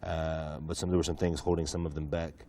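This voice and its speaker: A man from the United States telling a personal story in a relaxed, chatty interview, with many asides and restarts. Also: a bass voice, a little fast. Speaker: guest preacher telling his conversion story.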